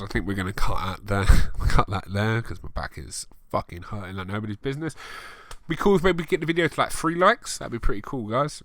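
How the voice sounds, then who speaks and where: A man's voice: on the low side, pushed and bright, dry recording. A man reading a fan story aloud for an online video, breaking off for sarcastic, swearing asides. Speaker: YouTube reader. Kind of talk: comedic dramatic reading with commentary.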